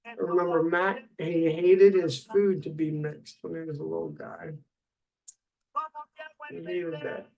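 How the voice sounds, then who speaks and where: A man's voice: a little high, little pitch movement, a little slow, vocal fry, pauses often, phone-quality sound. A middle-aged man and father rambling through a personal video diary, meandering with many fillers and restarts. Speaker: father recording a video log.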